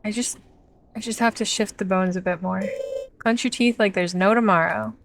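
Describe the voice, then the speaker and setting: A woman's voice: mid-range voice, steady tone, normal speed, creaky, background noise, close to an everyday voice. A woman voicing a loyal beast servant who speaks to its master earnestly and anxiously. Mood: urgent. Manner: pleading, earnest.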